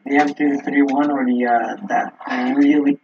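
Brief: young male gamer friend, husky voice, animated intonation, muffled voice chat. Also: mid-range voice, unhurried. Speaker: gaming friend. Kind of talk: casual gameplay banter.

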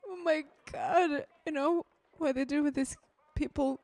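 A woman's voice: sits high, steady tone, measured pace, a little mellow, no room sound. A woman hosting a movie reaction who talks with strong emotion, exclaiming and speaking straight to her viewers. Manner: exclaiming and addressing viewers as guys.

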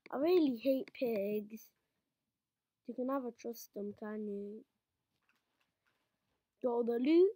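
Woman, let's-play commentator, high voice, unhurried, playful. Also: expressive, dark tone. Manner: playful, chatty, talks to the game characters. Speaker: gameplay commentator.

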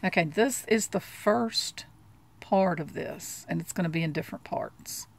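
A woman reading a children's book aloud with expressive, lively narration. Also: on the low side, measured pace. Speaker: storybook reader.

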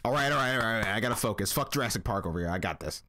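A man giving profane, excitable commentary while playing a video game, often shouting at it. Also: fairly low pitch, racing, very noisy. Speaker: gaming channel host. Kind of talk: gameplay commentary.

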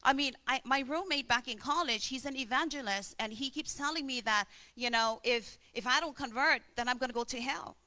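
A man's voice: very high-pitched, fairly quick, few pauses, sharp tone, full character voice. A woman doing an anxious young college guy. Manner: pleading, insistent.

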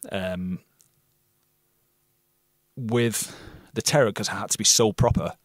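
A British actor telling stories as a guest in a casual interview, blunt and swearing freely. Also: male voice, lowish voice, fairly even intonation, slow, dry recording, clean studio sound. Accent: non-RP British. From Britain.

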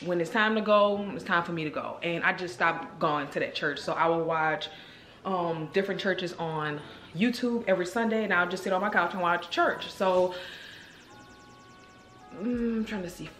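A woman vlogger telling a story to her viewers in a chatty, animated way, speaking straight to the camera. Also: lowish voice, normal speed, soft background music. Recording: roomy echo.

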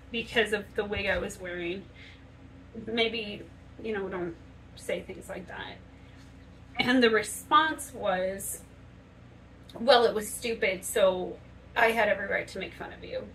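A woman's voice: mid-range voice, a bit bright, far from the mic, slight background noise, low-quality recording. A woman vlogger talking earnestly and conversationally while doing her makeup in a home bathroom, often acting out quoted speech. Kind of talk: casual chat to camera while doing makeup.

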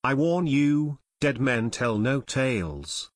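A man's voice: mid-range voice, animated, slow, dry recording, studio quality. A man reading aloud voicing a teenage boy's eerie, menacing ghost prank in an audiobook. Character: spooky male ghost prank voice.

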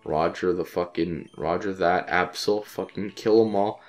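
A man with a sick voice giving casual let's-play commentary, frustrated and swearing, repeating phrases in quick bursts. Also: low voice, faint music behind. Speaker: gaming channel host.

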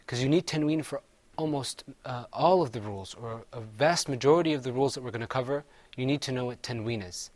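A man's voice: medium pitch, fairly quick, a little mellow. A man teaching Quran recitation, patiently having his students repeat words after him. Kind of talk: classroom recitation lesson.

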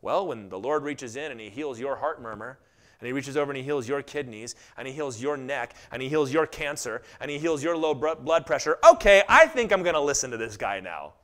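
A middle-aged man preaching a sermon, telling stories animatedly and acting out quotes in lively voices. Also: mid-range voice, a little fast. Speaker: pastor.

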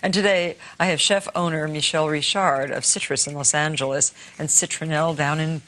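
A man's voice: fairly high pitch, fairly even intonation, brisk, pushed and bright. A man presenting a TV cooking show in an upbeat tone.

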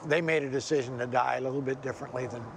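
An older man, a former helicopter pilot, recalling a crash calmly in a documentary interview. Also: medium pitch, racing, vocal fry, background noise.

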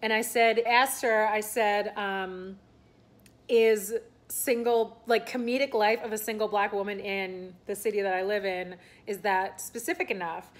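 A woman's voice: mid-range voice, steady tone, measured pace. A young woman chatting casually in a vlog, rambling with lots of fillers and restarts. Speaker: vlogger and aspiring content creator. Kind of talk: casual talking-head vlog.

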